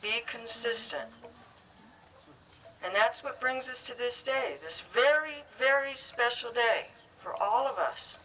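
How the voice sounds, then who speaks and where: A woman giving a heartfelt speech as a guide dog school graduate, earnest and speaking in short, halting phrases. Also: fairly high pitch, pushed and bright. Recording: distant, faintly noisy ceremony recording.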